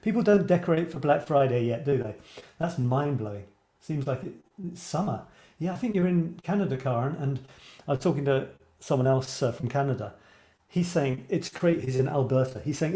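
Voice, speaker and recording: A man's voice: medium pitch, lively intonation, fairly quick, dark tone. A man hosting a casual live-stream about writing, rambling and musing aloud as he reacts to viewers' posts. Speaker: writing coach and live show host. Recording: echoey room.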